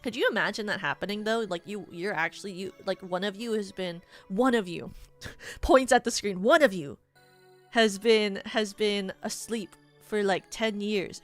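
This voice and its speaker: A woman's voice: mid-range voice, normal speed, soft background music. A woman VTuber streamer chatting casually, spinning rambling hypotheticals with lots of "like" and frequent giggles. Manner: giggly, rambling, heavy use of "like".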